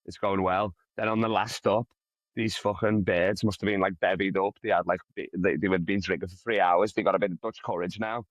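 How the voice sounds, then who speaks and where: Man, fast talker, lowish voice, sweary rambling comedian, dry close sound. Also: dry recording. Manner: profane, rambling, animated anecdote. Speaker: comedian guest. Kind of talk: casual storytelling.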